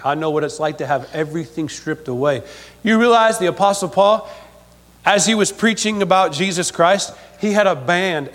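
A man's voice: sits high, a bit bright. A man preaching a sermon to a congregation, emphatic and repetitive, often checking in with them. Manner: emphatic, repeats himself, asks congregation for amen. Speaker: pastor. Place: church. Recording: long hall reverb.

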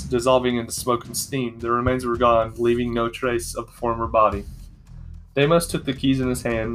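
A man narrating a fantasy story at a steady, measured storytelling pace. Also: medium pitch.

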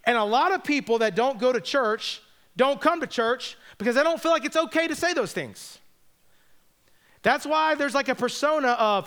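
A man's voice: very high-pitched, lively intonation, moderate pace, a bit bright. A man preaching a sermon in a conversational, joking way, speaking straight to the congregation. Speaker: pastor.

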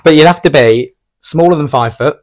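A man's voice: on the high side, normal speed, background noise. A man, hosting a local podcast in jokey, rambling casual chat at a studio mic. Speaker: podcast host. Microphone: studio microphone.

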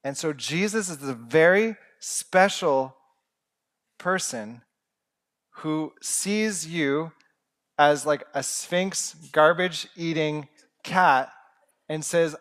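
A man's voice: on the high side, extremely slow, pauses often, fairly bright tone. A young man preaching a sermon in an earnest, conversational way with humorous asides.

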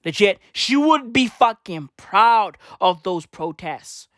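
Brief: woman comedian, slangy profane rant, unhurried pace, swooping pitch, dry close sound. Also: no echo. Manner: slangy, swearing, animated riffing. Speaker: comedic vlogger.

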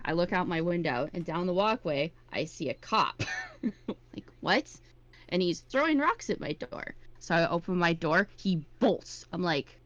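A woman telling a story in casual chat, chatty and animated. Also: fairly low pitch. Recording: dull lo-fi recording.

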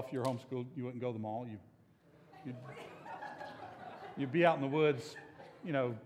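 A man's voice: medium pitch, darkish tone, in a large hall, slight background noise. A male pastor giving a conversational, joking sermon that coaxes his congregation to join in. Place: church sanctuary.

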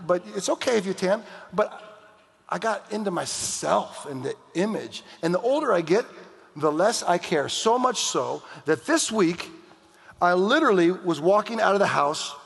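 Joking American pastor preaching in a hall. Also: male voice, sits high, gravelly, a bit bright. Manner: preaching with jokes and mock outbursts. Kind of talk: sermon. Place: church hall. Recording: long reverb of a hall.

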